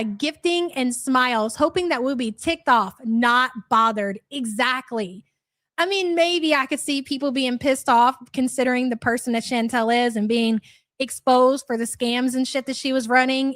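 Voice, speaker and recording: A woman's voice: sits high, a bit bright, no echo, clean studio sound. A young woman hosting a live reaction stream, blunt, sarcastic and profane as she comments and greets viewers. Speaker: streamer host.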